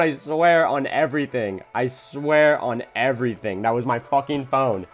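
A young man live-streaming a mobile game, cursing at his phone and talking back to chat as he plays. His voice sits at an ordinary middle pitch for a man, with music playing faintly underneath. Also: normal speed. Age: young adult. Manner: frustrated, swearing, reading chat aloud. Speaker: gaming streamer.

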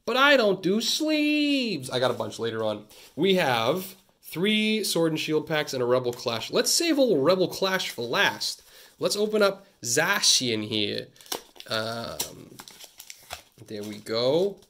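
A man from Canada chatting through a casual card-opening vlog, talking close to his phone and cracking jokes between excited outbursts. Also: mid-range voice, unhurried. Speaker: vlogger. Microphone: phone held close.

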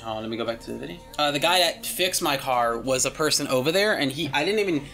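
A man's voice: medium pitch, animated, fast, creaky, sharp tone, faint music behind. A young man hosting his channel and telling a story in a casual, rambling way, full of fillers and casual swearing.

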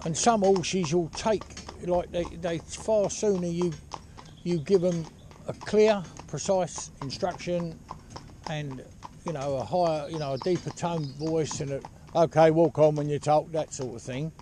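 A man's voice: on the high side, measured pace, warm tone. A man who trains horses, giving casual spoken advice as he drives a carriage, rambling along with "you know" and "yeah?". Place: outdoors on a horse-drawn carriage. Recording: outdoor noise with hoof clip-clop.

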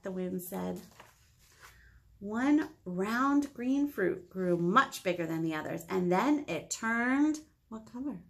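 A woman's voice: on the high side, slow, gravelly. A woman children's librarian reading a picture book aloud and asking the children questions as she goes. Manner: animated, asks the children questions.

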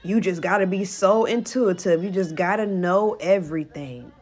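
A young woman giving a casual tarot reading, blunt and profane, talking in an animated way. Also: on the low side, moderate pace. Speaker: tarot reader.

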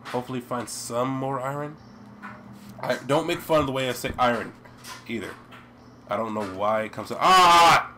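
A young American man with an American accent, chatting and rambling while playing a video game, breaking into loud yelps. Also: medium pitch, normal speed, pauses often, a little hiss or hum. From United States. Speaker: let's play gamer. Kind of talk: game commentary.

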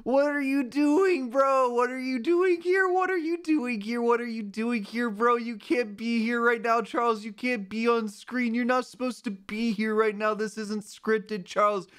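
A man putting on a high, mock-cheerful streamer persona in an exaggerated, sing-song way. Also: a little slow, hardly any pauses, fairly bright tone, clean tone. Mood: scolding. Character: over-eager male streamer persona, squeaky and gushing. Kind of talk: comedic parody voice.

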